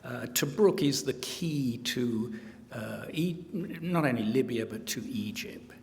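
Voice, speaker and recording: Slow, hesitant male lecturer in a hall. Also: mid-range voice, animated, gravelly. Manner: hesitant, many filler sounds and restarts. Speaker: historian giving a lecture. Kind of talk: conference lecture. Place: conference hall. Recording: hall reverb, faint room noise.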